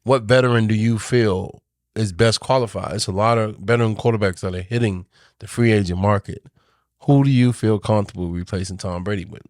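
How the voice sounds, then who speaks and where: A man's voice: lowish voice, brisk, darkish tone, no room sound, clean studio sound. A man co-hosting a podcast in casual sports chat, rambling, restarting his sentences and often repeating himself. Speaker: podcast co-host.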